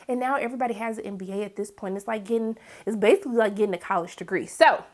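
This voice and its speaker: A woman's voice: mid-range voice, rapid-fire, few pauses. A woman giving a casual, opinionated recap of a TV episode, talking straight to her viewers and breaking into acted quotes of the characters. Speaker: TV recap reviewer.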